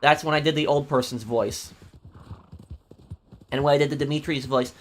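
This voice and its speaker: A man's voice: a little high, steady tone, moderate pace, long pauses. A man streaming a game and chatting casually with viewers, often hesitating and restarting sentences. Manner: hesitant, many ums and restarts, answering chat. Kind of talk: casual live-stream chat.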